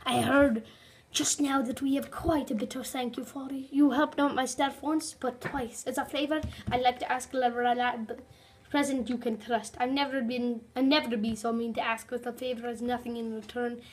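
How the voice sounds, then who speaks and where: A woman voicing a formal male company president with a put-on Scottish accent, in a measured, quiet reading. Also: fairly high pitch, little pitch movement, slight background noise, natural voice.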